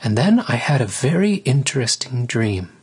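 A man reading a storybook voices a gentle, caring mother lioness who speaks softly and wistfully. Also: medium pitch, very animated, normal speed, slightly rough, voice pushed up. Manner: soft, coaxing and wistful.

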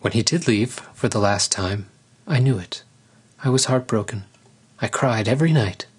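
A man reading a storybook voices a gentle, caring mother lioness who speaks softly and wistfully. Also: fairly low pitch, expressive, normal speed, breathy edge. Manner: soft, coaxing and wistful.

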